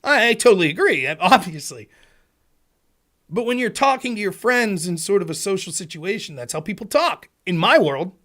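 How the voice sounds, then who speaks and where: Animated, high-pitched male livestream host. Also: normal speed. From Pennsylvania. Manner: animated, argumentative, acts out quoted exchanges. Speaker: political talk show host. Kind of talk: livestream monologue.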